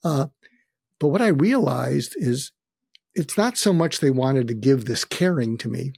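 A gravelly, husky older man recounts personal stories in a candid, reflective way. His delivery is dry and close, with lively bursts when he quotes other people. He speaks as an interview guest. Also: medium pitch, a little slow, dry recording. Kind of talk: reflective storytelling.

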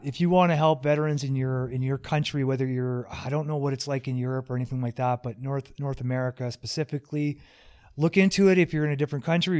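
A man hosting a casual podcast, joking and rambling, quick to poke fun at himself. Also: mid-range voice, clear, resonant tone. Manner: joking, rambling, self-deprecating. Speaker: podcast host.

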